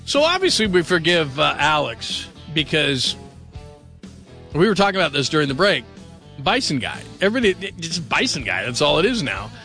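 A male late-night sports radio host talks in a loose, joking, rambling way at a studio mic. His voice sits a little high, sounds bright and forward, and has a gravelly edge. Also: very animated, moderate pace, soft background music. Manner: chatty, rambling, jokey. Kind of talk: casual radio talk. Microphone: studio microphone.

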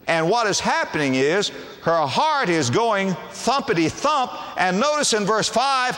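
A man preaching a sermon to a congregation, acting out the voices in the scripture passages he reads. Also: fairly bright tone. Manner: dramatic swoops in pitch, acting out scripture voices. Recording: long hall reverb.

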